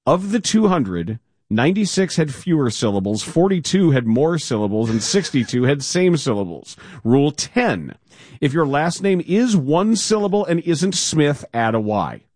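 A man co-hosting a casual sports talk show, reading a column aloud with playful, animated emphasis. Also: on the high side, normal speed, no echo. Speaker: radio co-host.

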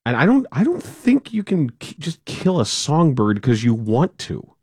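A man's voice: fairly high pitch, wildly swooping pitch, unhurried, a little mellow, slightly rough, no echo. Dry-humored male talk radio host. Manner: dry, joking.

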